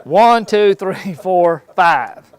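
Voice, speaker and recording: A man's voice: high voice, lively intonation, very slow. A man giving a folksy, jokey seminar in an indoor archery shop, quizzing the audience as he goes. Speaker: seminar speaker.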